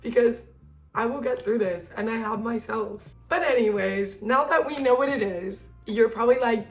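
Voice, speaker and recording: A woman's voice: fairly high pitch, moderate pace, soft background music. A young woman talking casually and earnestly to the camera about self-care, chatty and full of fillers. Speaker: self-help video creator.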